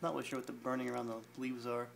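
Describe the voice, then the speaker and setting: Man, gravel in the voice, rambling self-deprecating garden tour, handheld phone audio, faint hum behind. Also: mid-range voice, flat delivery, rapid-fire. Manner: rambling, self-deprecating, many fillers and restarts. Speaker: home gardener giving a tour. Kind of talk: casual unscripted garden tour. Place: indoor garage garden. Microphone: phone camera held while walking.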